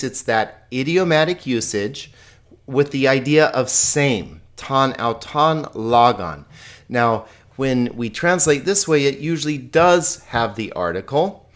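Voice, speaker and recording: A man giving a recorded language lesson, chatty and upbeat, laughing often and stressing key words. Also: mid-range voice. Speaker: Greek teacher.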